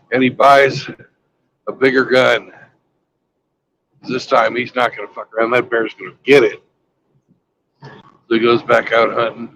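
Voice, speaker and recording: A man's voice: medium pitch, fairly bright tone, slight background noise, low-quality recording. A man on a road trip telling a crude joke in a loose, rambling, casual way. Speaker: vlogger. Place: travelling by road.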